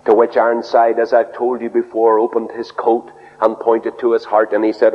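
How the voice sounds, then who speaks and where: A man preaching a sermon, telling stories earnestly and dropping low and soft for quoted words. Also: monotone, normal speed. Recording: dull radio broadcast with long reverb.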